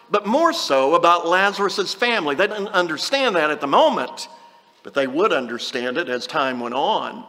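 A man delivers a sermon in an easygoing, conversational way, reading scripture aloud between plain remarks. His voice sits high for a man and sounds bright and clear. A long reverb trails his words, as in a large hall. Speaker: preacher.

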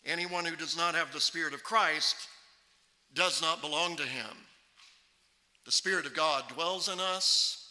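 A male preacher with a high, bright, forceful voice delivers a sermon into a microphone. He talks emphatically and slows almost to a crawl on key words of scripture. The sound rings with the long reverb of a church hall. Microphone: microphone on a stand.

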